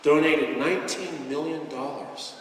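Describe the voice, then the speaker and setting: A man giving a heartfelt, inspirational speech to a convention audience, mixing sincerity with gentle jokes. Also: fairly high pitch, a little slow. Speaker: guest speaker at a business convention. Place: large convention hall, indoors. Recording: echoey hall, voice picked up from far off.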